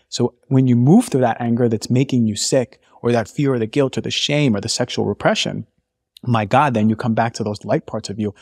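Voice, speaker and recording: A man's voice: mid-range voice, darkish tone, slightly rough, dry recording, clean studio sound. A man speaking as a naturopathic doctor guest on a podcast, impassioned, voicing inner thoughts aloud. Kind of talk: conversational podcast interview.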